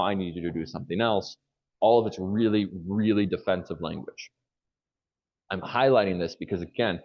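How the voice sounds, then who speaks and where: A man's voice: fairly low pitch, muffled recording. A man leading a live online training session on phone skills, coaching energetically and acting out quoted phone lines.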